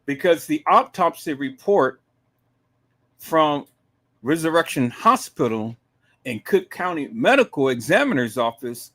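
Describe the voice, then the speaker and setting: A man hosting a live stream, giving emphatic commentary to his viewers, dropping to low murmurs and rising to shouted outbursts. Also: big pitch swings, measured pace. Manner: emphatic, repeatedly addresses viewers as "peoples".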